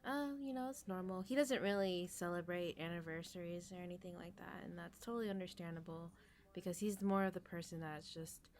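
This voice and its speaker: A woman with a fairly low voice, chatting casually on a podcast. She rambles with lots of fillers, and her lines often trail off into near-whispers. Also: fairly even intonation, brisk, a little mellow, slight background noise. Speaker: podcast guest. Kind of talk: casual chat.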